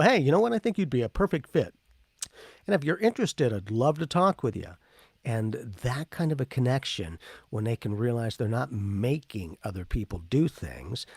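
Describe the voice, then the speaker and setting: A man with a gravelly, husky voice talks about spirituality in a casual, lively way. His pitch swings widely, and he slips into other people's voices when he quotes them. The sound is dry and close. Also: no room sound. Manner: animated, acts out quoted people. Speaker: podcast co-host.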